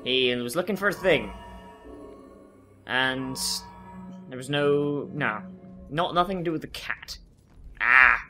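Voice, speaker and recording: A man's voice: a little high, lively intonation, measured pace, long pauses, pushed and bright, soft background music. Sarcastic man riffing over gameplay. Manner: sarcastic, joking, swears. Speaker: gameplay commentator. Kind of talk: let's play commentary.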